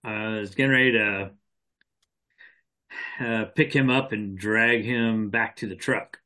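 A man's voice: lowish voice, fairly even intonation, a little slow, pushed and bright. A man playing in a tabletop game, talking hesitantly with um's and restarts. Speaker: player. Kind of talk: casual tabletop play.

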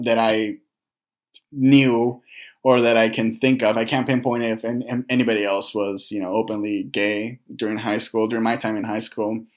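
A young man talks straight to his viewers, voice sitting at an ordinary middle pitch. He speaks haltingly and reflectively, restarting sentences and leaning on fillers, with some casual swearing. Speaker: vlogger. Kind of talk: candid personal storytelling to camera.

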